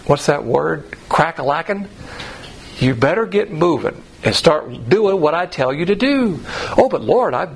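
Blunt, gravelly male Bible teacher. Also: on the high side, low-quality recording. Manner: blunt, folksy lecturing with rhetorical questions; acts out quoted voices.

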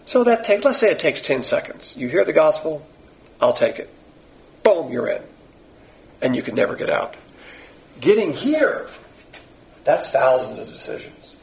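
A man's voice: a little high, very animated, normal speed, vocal fry, long pauses. A man preaching a sermon as a Bible teacher. He talks bluntly and with emphasis, firing off rhetorical questions. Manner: pointed, confrontational preaching.

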